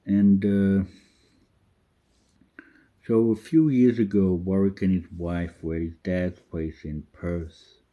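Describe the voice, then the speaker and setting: A man's voice: deep voice, fairly even intonation, slow pace, long pauses, phone-quality sound. A man talking about himself in the third person in a rambling, profane monologue. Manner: swears freely, drifts off topic. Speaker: vlogger.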